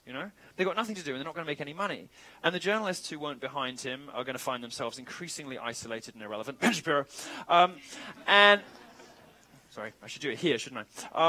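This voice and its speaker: A man's voice: a little high, bright, forceful tone, rough recording. A man giving a campus talk and taking audience questions, provocative, sardonic and joking. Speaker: guest speaker.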